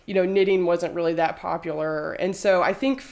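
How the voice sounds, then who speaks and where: A woman's voice: lowish voice, fairly even intonation, moderate pace, vocal fry, a little mellow. A woman in her thirties, a textile artist, chatting casually in an interview and rambling with lots of fillers.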